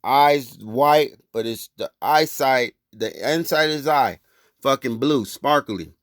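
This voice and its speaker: A man's voice: medium pitch, lively intonation, takes it slowly, no room sound, clean studio sound. A man telling a personal story in loose, rambling, profane street talk. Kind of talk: casual storytelling.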